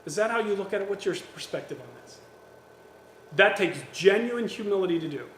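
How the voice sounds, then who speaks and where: Animated pastor, high voice, echoey hall. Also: male voice, brisk, slight background noise. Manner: animated, acts out quoted voices with jokes. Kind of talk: sermon. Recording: echoey church hall with faint ambience.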